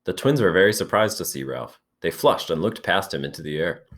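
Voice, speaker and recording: A man, a teacher, reading a novel aloud in steady, measured narration. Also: deep voice.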